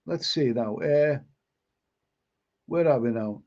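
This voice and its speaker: A man's voice: medium pitch, slow, long pauses. Rambling man on a lo-fi stream. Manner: rambling, stumbles and repeats words. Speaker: live stream host reading chat. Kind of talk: casual live stream chat. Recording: lo-fi stream audio.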